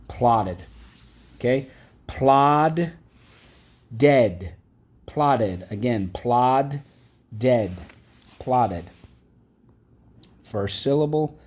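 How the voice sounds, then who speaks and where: A man with a low, slightly mellow voice runs a vocabulary and phonics lesson. He is patient, saying each word more than once and asking the class to repeat after him.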